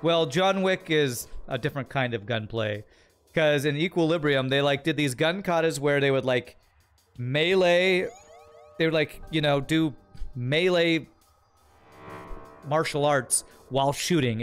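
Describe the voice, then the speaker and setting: A man's voice: fairly high pitch, a little slow, soft background music. A man streaming a strategy game, chatting casually, thinking aloud and answering chat in a rambling way. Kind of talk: casual gameplay commentary, reading chat.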